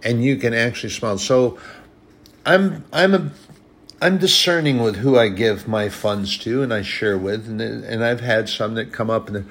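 A man's voice: mid-range voice, normal speed, a bit bright. A man preaching a sermon in an earnest, conversational way, often restarting his sentences.

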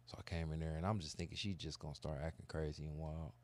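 A man telling a long, animated, profane story in casual chat. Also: extremely low pitch, fast talker. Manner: animated, profane, acts out kids' voices. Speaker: podcast co-host telling a story.

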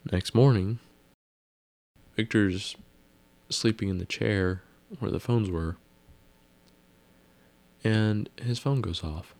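A man recaps a TV episode in a loose, rambling way, dropping wry asides and musing out loud. His voice sits very low and carries a gravelly fry. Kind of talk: casual spoken episode recap.

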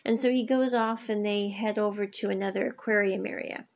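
A woman casually reviewing a drama episode, retelling scenes in a chatty way with many asides, her voice a little husky. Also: mid-range voice, fairly even intonation, fairly quick. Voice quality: husky, gravelly.

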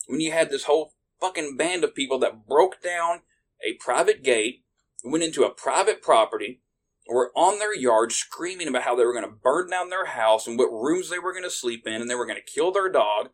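A man with a mid-range voice rants angrily as a podcast host. He swears constantly, and his delivery flares into loud, heated bursts. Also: medium pitch. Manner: profane, heated, shouting bursts. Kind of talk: angry political rant.

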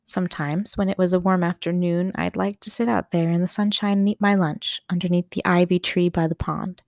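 A woman voicing a reserved adult housemaid who speaks quietly and guardedly. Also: lowish voice, fairly even intonation, a little fast, no room sound, clean studio sound, natural voice.

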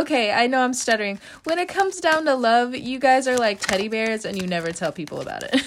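A woman with a slightly high voice talks through a casual tarot reading. She is chatty and loose, leans on "you know" fillers, laughs often and swears casually. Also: brisk, slight background noise. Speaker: tarot reader.

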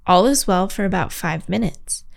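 A woman's voice: medium pitch, animated, normal speed, vocal fry. Giggly woman reading a story aloud. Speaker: podcast co-host.

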